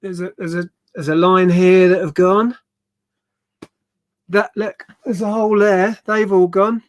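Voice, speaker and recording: A man's voice: high-pitched, level tone, a little slow, no room sound, muffled recording. A man co-hosting a live stream, chatting casually in a jokey, playful way. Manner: jokey, playful, mock-indignant.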